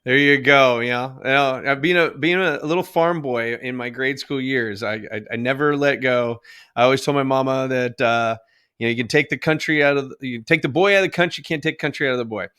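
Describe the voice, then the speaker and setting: A man's voice: mid-range voice, a little fast, pushed and bright, clean tone. A man hosting a podcast, chatty and self-deprecating, laughing easily as he talks with his guest. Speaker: podcast host. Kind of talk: casual interview chat.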